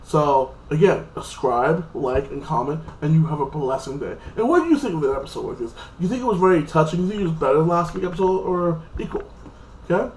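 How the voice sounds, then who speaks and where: A man's voice: on the high side, lively intonation, quick pace, a little mellow, slight background noise. Rambling man in an echoey room. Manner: rambling, loose, many fillers and restarts. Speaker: TV episode reviewer. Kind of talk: casual spoken review.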